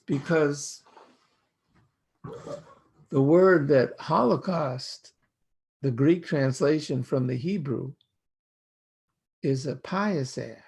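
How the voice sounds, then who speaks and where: An older American man, a rabbi, giving a reflective sermon in slow, measured, poetic phrasing. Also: a little high, vocal fry, a little mellow, husky.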